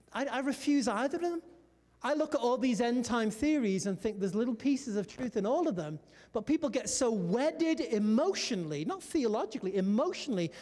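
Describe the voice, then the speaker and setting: High-voiced male preacher in a reverberant hall. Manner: storytelling, animated preaching with "come on" and "amen" calls. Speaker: pastor. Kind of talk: sermon.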